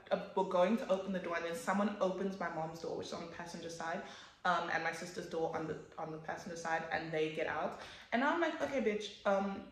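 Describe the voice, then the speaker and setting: A young woman vlogger telling a story in a chatty, animated way, swearing freely and acting out what she said at the time. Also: on the low side, echoey room, rough recording. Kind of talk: casual storytime.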